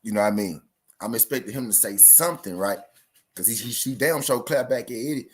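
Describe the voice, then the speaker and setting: A man's voice: medium pitch, a little fast. A man with a Southern US accent hosting a live boxing talk stream, in loose, profane, repetitive casual chat aimed at his viewers. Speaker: boxing talk show host.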